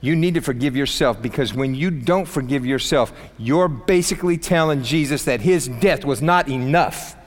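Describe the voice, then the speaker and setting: Male pastor, casual emphatic sermon, rising to loud peaks, long church reverb. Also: mid-range voice, moderate pace, hardly any pauses. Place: church sanctuary.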